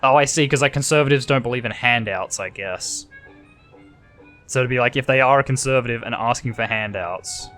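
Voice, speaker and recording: A man's voice: mid-range voice, brisk, a bit bright, faint music behind. An Australian man hosting a let's play, chatting casually and thinking aloud while reading the game's text.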